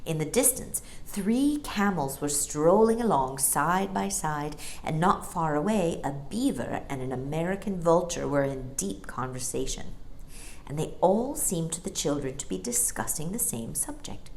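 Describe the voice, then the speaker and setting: Woman reading a kids book out loud, low voice, super expressive. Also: measured pace. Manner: expressive, lilting. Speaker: storyteller. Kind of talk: storybook reading aloud.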